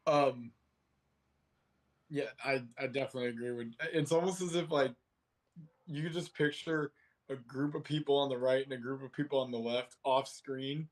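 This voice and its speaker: A man hosting a casual movie discussion podcast, animated and laughing often. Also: medium pitch, normal speed. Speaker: podcast host.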